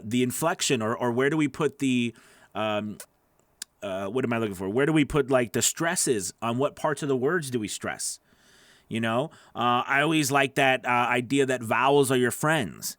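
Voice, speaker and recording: A man teaching audiobook narration in a loose, animated way, acting out sample readings and often restarting his sentences. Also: mid-range voice, unhurried, dry recording. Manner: animated, demonstrates readings, many fillers and restarts. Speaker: voice-over coach. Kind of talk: teaching talk to camera.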